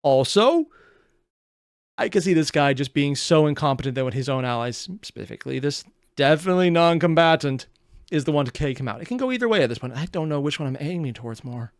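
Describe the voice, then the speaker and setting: A man hosting a reaction channel, rambling casually and thinking out loud as he comments. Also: on the high side, lively intonation, quick pace, dry recording, clean studio sound. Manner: rambling, thinks aloud with restarts.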